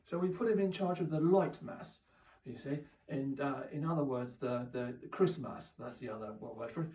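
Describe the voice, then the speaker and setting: A man doing a rambling, deadpan comic monologue, halting and full of restarts and asides. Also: medium pitch. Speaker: comic character host. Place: chilly indoor room. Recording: roomy echo, mic at a distance.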